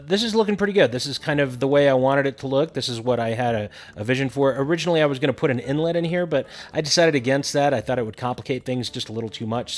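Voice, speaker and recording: A man casually narrating a building game tutorial, thinking aloud with frequent fillers. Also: medium pitch.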